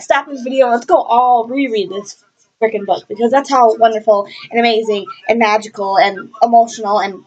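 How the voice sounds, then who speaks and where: A young woman casually reviewing a book in a vlog, gushing and rambling with lots of fillers, passionate and swearing freely. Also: a little high. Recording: lo-fi webcam audio.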